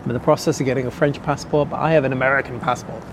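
A middle-aged man, preaching a sermon earnestly and slowing down to stress key words. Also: mid-range voice, fairly even intonation, noisy background. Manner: earnest, repeats key phrases slowly for emphasis. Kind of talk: sermon teaching.

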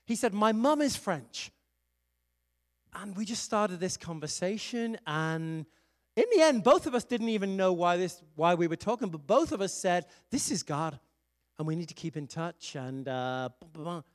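Lively high-voiced male preacher. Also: moderate pace. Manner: conversational storytelling with laughs. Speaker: evangelist and pastor. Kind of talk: sermon with personal story.

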